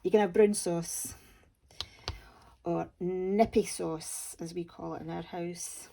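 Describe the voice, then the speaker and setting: A Scottish woman talks to camera at an unhurried pace, in a relaxed, homely way. Her voice is soft and mellow, with dry, self-deprecating humour running through her easygoing chat. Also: lowish voice, gravelly. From Scotland. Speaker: crafting channel host.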